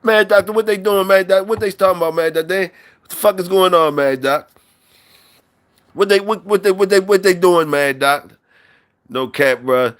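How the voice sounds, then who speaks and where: A man's voice: high voice, moderate pace. A man hosting a live stream in loose, profane, repetitive banter with his chat, talking on a mic from his workplace.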